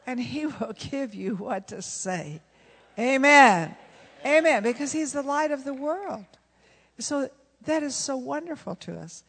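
Animated woman preaching in a big echoing hall. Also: high-pitched, a little slow, breathy edge. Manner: animated, acts out dialogue, laughs often. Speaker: pastor's wife and preacher. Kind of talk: sermon with storytelling. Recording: long reverb of a large hall.

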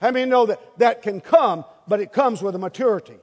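A high-pitched man with a drawl preaches to a congregation in a folksy, animated way. He acts out small everyday scenes. His voice carries a long hall reverb. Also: brisk. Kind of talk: sermon. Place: church hall before a congregation.

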